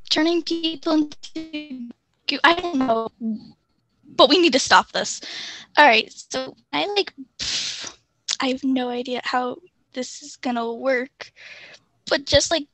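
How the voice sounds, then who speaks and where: A woman's voice: high voice, a bit bright, no room sound, poor audio. A woman playing a tabletop game, chatting in a playful way. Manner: playful, laughs easily. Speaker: player. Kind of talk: casual chat at a tabletop game.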